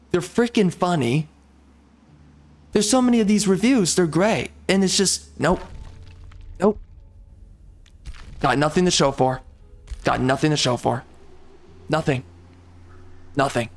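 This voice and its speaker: A man ranting angrily and repeating himself while commenting over gameplay in a video. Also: a little high. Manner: angry, repetitive, exasperated ranting. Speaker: gaming video creator.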